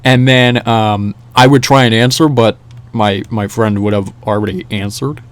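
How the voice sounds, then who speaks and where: A young man telling a casual story in a rambling, animated way, with many restarts and fillers. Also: fairly low pitch, normal speed, no room sound. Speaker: vlogger. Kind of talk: casual storytelling over gameplay.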